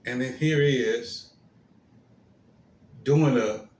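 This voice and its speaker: A man hosting his own commentary stream, talking in a halting way with many fillers and restarts, his phrases trailing off softly. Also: mid-range voice. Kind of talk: slow, hesitant solo commentary. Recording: roomy echo, faint background hiss.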